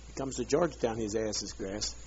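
A man's voice: lowish voice, background noise. Bitter profane man ranting on old tape. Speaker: leader addressing a group. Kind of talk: angry profane rant. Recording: dull lo-fi archive tape.

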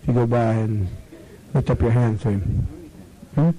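A man leading a gathering, who rambles, swears freely and gives orders, sometimes slowing into a drawn-out, soothing tone. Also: medium pitch, warm tone, rough recording. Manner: profane, commanding, rambling; slows to a drawn-out, soothing tone at times. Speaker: community leader addressing members.

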